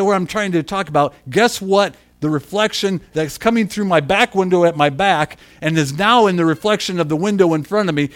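In a fairly high voice, a middle-aged pastor recounts something from his own life in a sermon. He drops low for whispered asides before rising to emphatic, loud moments, chuckling self-deprecatingly as he goes.

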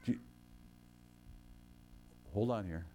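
A man preaching a sermon as a pastor, swinging between loud proclamations and soft, chatty asides, with quick self-corrections. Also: on the low side, slight background noise.

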